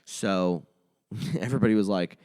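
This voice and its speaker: A young man and comedian chatting casually as a podcast guest, telling an animated story and swearing a lot. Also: fairly low pitch, a little slow, clean tone. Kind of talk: casual chat.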